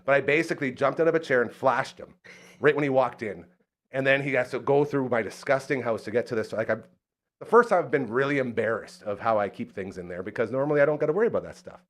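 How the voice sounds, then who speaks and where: A man from Saskatchewan hosts a podcast and tells a story in relaxed, casual chat. He jumps into a high, excited voice when he acts out what people said. His pitch sits in the middle range for a man. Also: fast. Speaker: podcast host.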